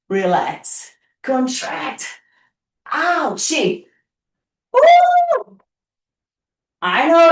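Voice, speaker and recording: A woman's voice: medium pitch, far from the mic. A woman leading a live online workout class, playful and encouraging, cheering her students on and getting out of breath. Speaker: fitness instructor. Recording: echoey room, voice from afar.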